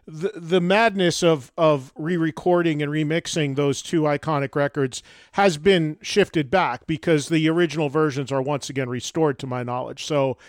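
Male podcast host, lively and laughing a lot, slightly high voice, dry close mic. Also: normal speed, no room sound. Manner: animated, laughs easily, thinks aloud with restarts. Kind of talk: interview conversation.

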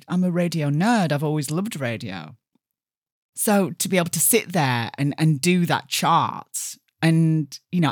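A middle-aged woman with a Yorkshire accent, a radio presenter telling stories in a casual interview, lively and chatty with quick bursts. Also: sits low, dry recording, studio quality. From Barnsley, Yorkshire, England.

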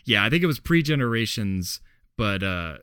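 A podcast co-host chats casually in a lowish male voice with wide pitch swings, a moderate pace, and a slightly bright, clear, resonant tone. The recording is clean studio sound with no room echo. He laughs often and peppers his speech with "uh" and "like."

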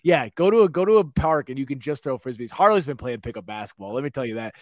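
A man's voice: medium pitch, lively intonation, quick pace, darkish tone, no echo, studio quality. A man co-hosting a podcast in casual chat, joking, laughing often and acting out quotes in funny voices. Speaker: podcast co-host.

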